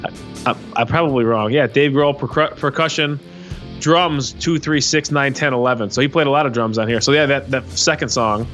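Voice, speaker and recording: A man's voice: mid-range voice, moderate pace, fairly bright tone. A man hosting a casual music podcast, talking in an enthusiastic, rambling way with many restarts.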